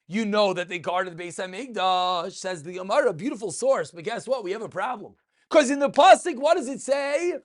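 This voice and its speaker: A rabbi gives an animated Talmud lesson, his voice rising and falling widely. He keeps asking his listeners questions, answers them himself, and goes back over each point. He speaks in the sing-song cadence of the study hall. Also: sits high. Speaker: rabbi teaching a daily Talmud class.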